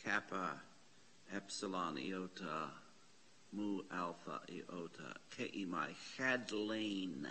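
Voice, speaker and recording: A man's voice: low voice, expressive, slow pace, pushed and bright, slight background noise. A man teaching a classroom lesson on Bible Greek in a church classroom, patiently spelling out letters and parsing words aloud.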